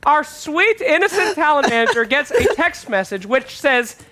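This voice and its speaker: Lively, bright-voiced male esports host. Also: very high voice, normal speed, a little hiss or hum. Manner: animated storyteller, swears freely. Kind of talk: casual panel chat.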